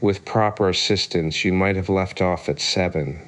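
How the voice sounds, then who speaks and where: A man's voice: low-pitched, fairly bright tone, a little hiss or hum. Humpty Dumpty, a man voicing a pompous egg. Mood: lofty. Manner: lofty, argumentative, quick to take offence. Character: pompous touchy egg-shaped man on a wall.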